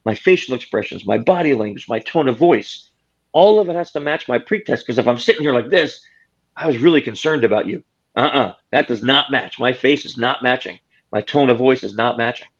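A man's voice: medium pitch, lively intonation, a little fast. A man speaks as an interview guest, laying out his ideas through everyday stories and short acted-out quotes. His voice sits in a middle register. The recording sounds a little dull. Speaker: guest author. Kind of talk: conversational interview.

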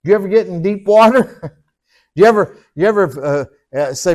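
A man preaching in a folksy, animated way, laughing at himself and calling for amens. His voice sits a little high for a man. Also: moderate pace. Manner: folksy, animated preaching with chuckles and call-and-response. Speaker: pastor. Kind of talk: sermon.

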